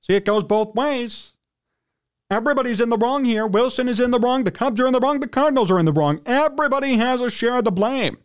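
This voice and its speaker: Heated high-voiced male sports radio host. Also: quick pace. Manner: heated, ranting, indignant; frequent throat clearing.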